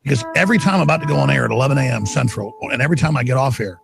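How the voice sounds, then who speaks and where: A male talk radio host delivering a fiery, ranting monologue that climbs into shouts. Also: mid-range voice, very fast, creaky, music in the background.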